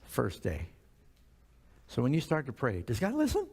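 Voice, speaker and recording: A man's voice: mid-range voice, huge pitch swings, normal speed, a little mellow, breathy edge. An older man preaching a sermon in a conversational way, asking the congregation questions as he reads scripture. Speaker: pastor.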